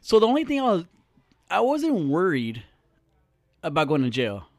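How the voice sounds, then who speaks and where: A man's voice: on the high side, huge pitch swings, moderate pace, no room sound. A young man hosting a podcast, chatting casually, joking and swearing freely in a small studio. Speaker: podcast host.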